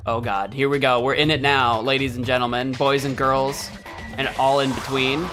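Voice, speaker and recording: A man's voice: medium pitch, level tone, moderate pace, over music. A man hosting a let's play, reading game dialogue aloud and joking between the lines. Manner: playful, joking, reacts with bursts of laughter.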